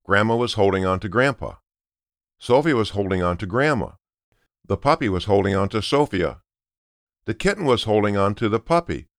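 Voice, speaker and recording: A man narrating a children's story aloud in an expressive storytelling manner. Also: lowish voice, normal speed, dry recording, studio quality. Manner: expressive, sing-song storytelling.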